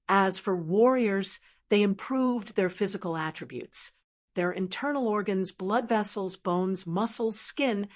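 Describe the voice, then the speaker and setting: A woman narrating a fantasy audiobook in a steady, even reading voice. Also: mid-range voice. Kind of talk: scripted narration.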